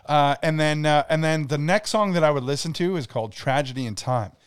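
A man co-hosting a casual podcast, speaking haltingly and filling gaps with "uh" and "like". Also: a little high, clean tone, dry recording, clean studio sound. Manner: halting, lots of "uh" and "like". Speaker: podcast co-host.

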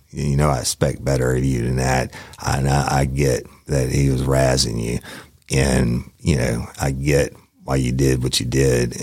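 A man's voice: extremely low pitch, dry recording, studio quality. A middle-aged man with a Louisiana accent, a former detective hosting a podcast, telling a story casually with cursing and laughter. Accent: Southern US, Louisiana. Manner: profane, laughing, animated retelling with quoted voices.

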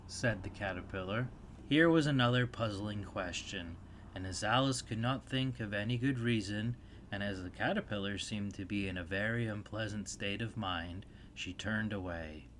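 A man reading a storybook aloud as narrator, steady and even. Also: on the low side, normal speed, slight background noise.

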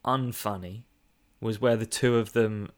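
A man's voice: lowish voice, fairly even intonation, measured pace. A man co-hosting a casual film review podcast, chatty and playful, laughing easily as he talks. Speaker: podcast co-host.

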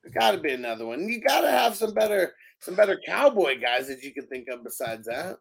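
A man's voice: a little high, very animated, fairly quick, vocal fry, slightly rough. A man hosting a casual fantasy draft show, easygoing, laughing often and reading out chat comments. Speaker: podcast host running a fantasy draft.

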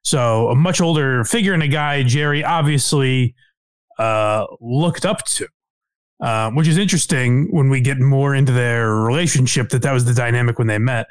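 A man hosting a podcast in casual chat, hesitant, with many fillers and sudden upward pitch jumps. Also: moderate pace, clean tone, no echo. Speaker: podcast host.

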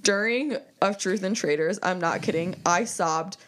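A woman's voice: fairly low pitch, unhurried, a bit bright. A young woman co-hosting a book podcast in casual chat, with a dry, teasing manner. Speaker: podcast co-host.

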